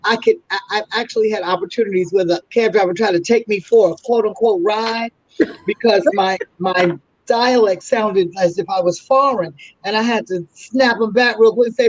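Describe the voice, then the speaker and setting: A woman's voice: medium pitch, moderate pace, no echo. A woman with a New York accent, a guest telling stories in a casual interview chat. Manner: chatty storyteller, lively asides. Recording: dull muffled remote audio.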